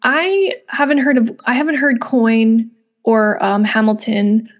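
A young woman hosts a music podcast in a chatty, rambling way, full of fillers and restarts. Her voice sits a little on the high side. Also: fairly even intonation, unhurried. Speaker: podcast host. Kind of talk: casual spoken commentary.

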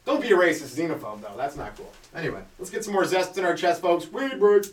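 A man's voice: on the high side, expressive, fast talker, roomy sound, distant mic. A man doing a loose, profane comedy podcast monologue, full of rhetorical questions. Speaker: stand-up comedian podcast host.

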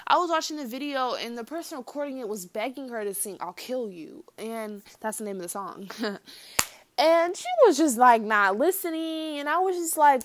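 A woman's voice: sits high, expressive, moderate pace. Chatty young woman vlogging. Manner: chatty, filler-heavy, addresses viewers as y'all. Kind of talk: casual commentary vlog.

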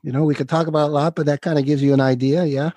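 A middle-aged man telling his personal story as a podcast guest, casual and candid, calling the host "dude" and pausing when emotional. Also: fairly high pitch, level tone, warm tone, no echo. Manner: casual, says dude, halting and emotional at times.

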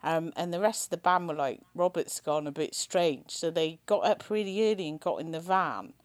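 A woman's voice: sits low, normal speed, no room sound. A woman chatting casually about rock bands, telling funny stories with a lot of laughter and some swearing. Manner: swearing, giggly storytelling.

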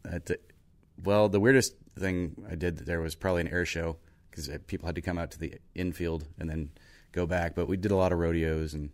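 A man's voice: low-pitched, steady tone, brisk, darkish tone. An American man and army veteran, joking playfully and rambling through stories as a podcast co-host. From United States. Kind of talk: casual chat, storytelling.

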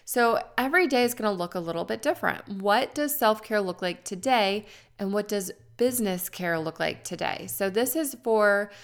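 Woman host in her thirties, earnest and encouraging, talking listeners through confidence steps, leans on key words. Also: mid-range voice. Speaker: podcast host. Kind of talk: coaching talk to listeners.

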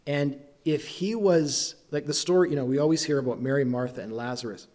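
A man's voice: mid-range voice, fairly quick, darkish tone. Man preaching a chatty storytelling sermon. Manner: conversational storytelling with self-deprecating humor. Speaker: pastor.

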